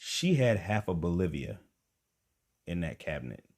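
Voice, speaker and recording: A young man with a very low voice tells a comedy story on stage. He is animated and acts out each person's lines with rising emphasis. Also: moderate pace. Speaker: stand-up comedian. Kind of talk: stand-up storytelling.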